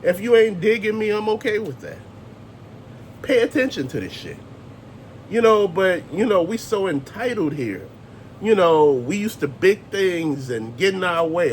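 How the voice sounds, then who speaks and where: A man with a notably high voice delivers a blunt, profane rant straight to the camera, hammering each point with emphasis. A faint rumble hums behind him. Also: expressive, normal speed. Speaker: host. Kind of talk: ranting commentary.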